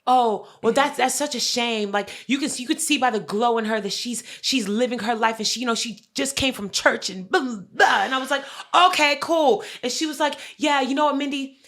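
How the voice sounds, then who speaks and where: A woman co-hosting a podcast in casual chat, telling a family story with lively acted-out quotes and plenty of swearing. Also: a little high, fairly quick, few pauses. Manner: animated storytelling, acts out quoted family members, frequent swearing. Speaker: podcast co-host.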